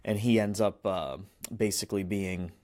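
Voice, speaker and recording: A podcast host retells a film plot in a rambling, casual manner packed with fillers and restarts. His voice is on the low side, steady and darkish at a moderate pace, recorded dry with clean studio sound.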